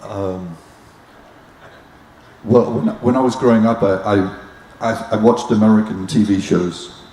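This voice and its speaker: A man's voice: on the low side, steady tone, unhurried, a little mellow, echoey room, low-quality recording. A man from England, a musician, recounting his career hesitantly at a live Q&A. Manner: hesitant, with many restarts. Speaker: guest musician.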